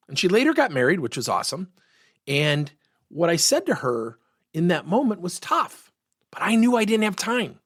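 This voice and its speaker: A middle-aged man giving a workplace coaching lesson, telling stories and acting out the dialogue with lively energy. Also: mid-range voice, breathy edge, no room sound, studio quality. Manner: animated, acts out quoted dialogue.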